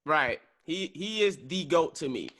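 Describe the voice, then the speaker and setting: A man's voice: fairly high pitch, lively intonation, measured pace, a bit bright. A man hosting a podcast, chatting casually and giving his opinions in a conversational way. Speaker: podcast host. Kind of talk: casual chat.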